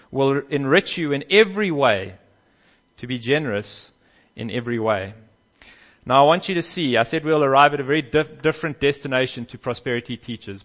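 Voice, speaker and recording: A man's voice: medium pitch, fairly bright tone. Earnest male preacher, muffled sound. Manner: earnest, emphatic, repeats key phrases. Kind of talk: expository sermon.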